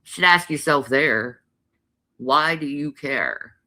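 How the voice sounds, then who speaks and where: A woman's voice: deep voice, takes it slowly, sharp tone. A woman co-hosting a casual chat, talking bluntly and swearing often. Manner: profane, blunt. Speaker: co-host.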